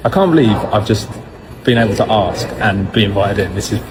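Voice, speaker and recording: Excited man vlogging outdoors. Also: lowish voice, a little fast. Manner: excited, amazed. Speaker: tourist vlogger. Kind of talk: walking vlog to camera. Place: outdoors by a fire station. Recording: clear outdoor ambient noise.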